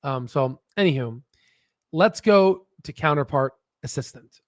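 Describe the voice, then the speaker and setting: High-voiced rambling man, dry close sound. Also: expressive, a little slow, no echo. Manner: rambling, profane, laughs at own jokes. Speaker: stock research channel host. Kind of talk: casual off-the-cuff explainer. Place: at a standing desk.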